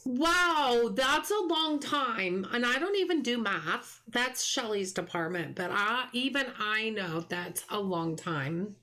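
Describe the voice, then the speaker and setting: Bright, lively-voiced woman streaming a game. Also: on the high side, takes it slowly, few pauses. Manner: chatty, muses aloud and greets viewers from chat. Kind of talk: casual live gameplay chatter.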